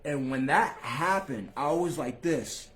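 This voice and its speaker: Talking slowly to viewers on his own channel, a man uses street slang and curses without restraint. He alternates between low mutters and loud bursts.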